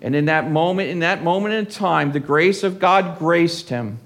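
A pastor preaching a sermon in church, reading scripture and rising loud and intense on key lines. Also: male voice, fairly high pitch, moderate pace. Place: church service.

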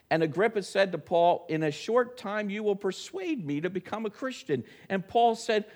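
A pastor preaching a sermon to his church, emphatic and rising to loud, slowed-down lines for stress. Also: on the high side. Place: church sanctuary.

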